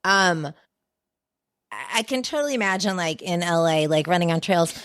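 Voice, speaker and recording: A woman with a lowish voice chats easily as a podcast guest, talking as a dog trainer. She tells animated stories, fills them with "like" and plays out what people said. The sound is dry and close. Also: moderate pace, clear, resonant tone, no echo. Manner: animated storyteller, acts out voices, lots of "like". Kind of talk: casual podcast chat.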